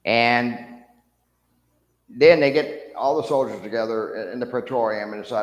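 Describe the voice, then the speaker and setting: A man's voice: medium pitch, normal speed. A man leading a church Bible class, questioning the class and acting out the lines of the people in the story he teaches. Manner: animated, acts out mocking soldiers' voices, asks the class questions. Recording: echoey room with long reverb.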